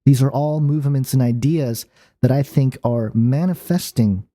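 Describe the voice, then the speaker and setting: Male channel host, dark mellow tone, casual rambling monologue with restarts. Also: mid-range voice, normal speed. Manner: rambling, many fillers and restarts.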